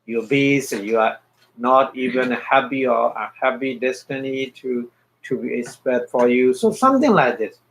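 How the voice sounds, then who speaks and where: A man giving a dharma talk as a Buddhist meditation teacher, halting, repeating phrases and checking in with his listeners. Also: mid-range voice, expressive, vocal fry, fairly bright tone, a little hiss or hum, low-quality recording.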